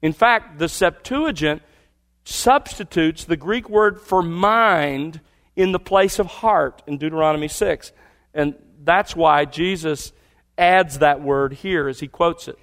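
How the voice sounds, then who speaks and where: Pastor, male, fairly high-pitched, emphatic sermon delivery with hushed drops. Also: takes it slowly. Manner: emphatic preaching, repeats key words, drops to quiet asides.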